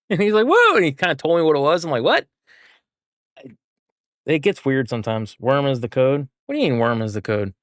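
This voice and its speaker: A man's voice: mid-range voice, expressive, quick pace, dry recording, studio quality. A man streaming a game, chatting with viewers and thinking aloud as he works through a puzzle. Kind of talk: casual live gameplay chat.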